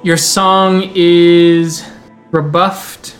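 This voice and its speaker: A man serves as storyteller for a tabletop game, his mid-pitched voice flat as he alternates unhurried descriptive narration with brisk rules calls. Faint music plays in the background.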